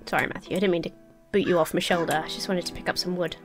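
Speaking very fast in a lowish, fairly even voice over background music, this English Minecraft let's player sounds nasal and stuffed up from a cold. She chats away to herself as she sorts items, giving casual commentary on her building and farming game.

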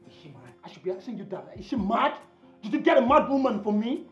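An actor with a Nigerian accent playing an indignant young man who defends his mother, forceful and at times shouting. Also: very high-pitched, lively intonation, quick pace. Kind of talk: film drama acting. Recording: distant, echoey, dull sound with music.

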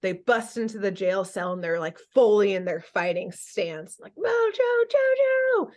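A young adult woman hosting a podcast, recapping a cartoon episode in animated, casual storytelling full of fillers. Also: on the low side, moderate pace. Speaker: podcast host.

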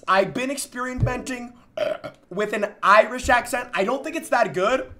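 A young man hosting his own gaming channel in casual, excitable commentary, bursting into loud shouts. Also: extremely high pitch, moderate pace. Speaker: gaming streamer, host.

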